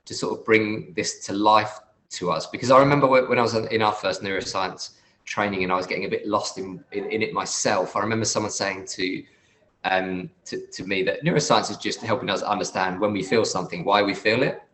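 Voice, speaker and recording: A man's voice: fairly low pitch, fairly bright tone. Man moderating a panel, roomy sound. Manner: halting, repeats words as he thinks. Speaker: webinar moderator.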